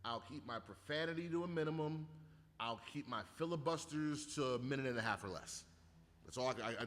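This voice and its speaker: A man telling rambling, profane stories in a casual chat and building into loud rants. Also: medium pitch, expressive, fast talker. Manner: profane, rambling storyteller who rants loudly. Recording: long hall reverb.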